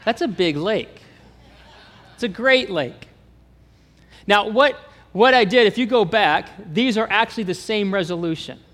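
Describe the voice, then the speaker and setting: A man from Kansas with a Kansas accent preaching a sermon as pastor, animated and asking the congregation questions. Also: high-pitched, unhurried, long pauses, big-room sound.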